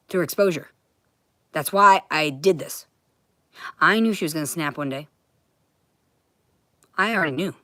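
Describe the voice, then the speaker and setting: Deep-voiced woman on a livestream ranting and cussing nonstop, dry close sound. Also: a bit bright, no room sound. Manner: profane, ranting, swears constantly. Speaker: vlogger. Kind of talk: livestream rant to viewers.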